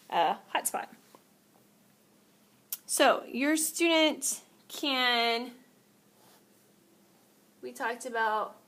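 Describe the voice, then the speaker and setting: A woman's voice: on the high side, a bit bright. A woman teaching an art lesson, explaining step by step while demonstrating on paper and sometimes moving away from the mic.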